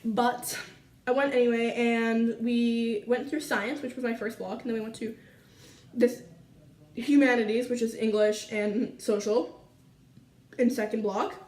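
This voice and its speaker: A teenage girl from Canada telling a school story to her viewers in a chatty, animated way full of fillers. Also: on the high side, measured pace, echoey room, distant mic. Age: teens. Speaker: vlogger. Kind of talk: casual storytime chat.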